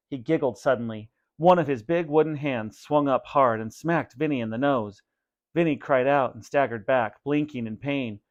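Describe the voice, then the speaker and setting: A man reads a spooky children's story aloud as a teacher, steady and plain in his delivery. His voice sits at an ordinary middle pitch. Before he starts reading, he gives clear instructions to his students. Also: muffled recording. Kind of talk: read-aloud storybook narration.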